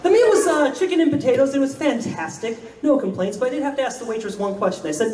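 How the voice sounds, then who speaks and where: Dry deadpan guy doing a storytelling comedy set, lively pitch, echoey hall and far from the mic. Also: fast talker, few pauses. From Florida, United States. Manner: deadpan, wry, profane. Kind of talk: stand-up storytelling. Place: convention main stage. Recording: roomy hall, voice from afar.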